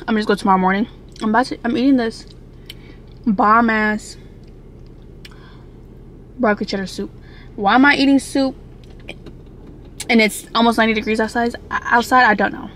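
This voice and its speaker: A woman's voice: fairly high pitch, a bit bright, a little hiss or hum, low-quality recording. A young woman from Milwaukee, vlogging in a chatty, upbeat way, rambling and swearing freely. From Milwaukee, Wisconsin. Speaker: vlogger and makeup artist. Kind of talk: casual vlog chat.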